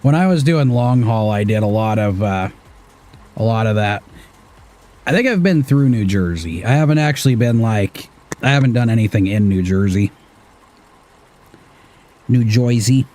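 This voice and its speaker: A man's voice: on the low side, lively intonation, moderate pace, darkish tone. A man in his thirties from Washington State, casually talking through an off-road driving game, muttering to himself and swearing now and then. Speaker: gaming streamer. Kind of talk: casual gameplay commentary.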